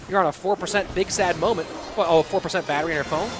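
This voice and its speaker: A man casting a live esports match, calling plays excitedly while chatting with viewers. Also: high-pitched, quick pace. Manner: excitable play-by-play with hype bursts. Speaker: esports caster. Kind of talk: live game commentary mixed with chat replies. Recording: game music clearly behind.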